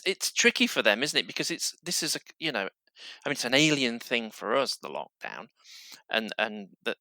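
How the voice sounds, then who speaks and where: A man hosting a podcast, speaking casually in halting starts and restarts. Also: mid-range voice, dry recording. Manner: halting, restarts often, warm interjections. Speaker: podcast host. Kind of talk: casual conversational interview.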